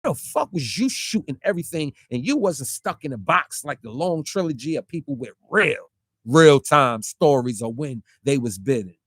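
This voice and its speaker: A man rants in confrontational street talk, hammering his target with rapid rhetorical questions and mocking quoted voices. His pitch swings widely and sits a little high. The sound is dry and close, with no room around it. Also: sing-song, fairly bright tone, no room sound. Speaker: online commentator. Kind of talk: heated street-talk rant.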